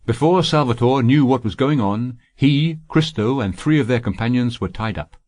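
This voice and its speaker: A man reading an audiobook in a steady, even storytelling voice. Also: mid-range voice, normal speed. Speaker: audiobook narrator. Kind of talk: scripted audiobook narration.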